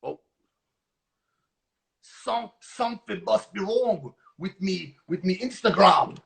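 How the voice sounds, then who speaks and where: A man hosting a casual livestream cooking class, talking in a goofy, playful way with mock-rough slang. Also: high voice, lively intonation, slow, a bit bright.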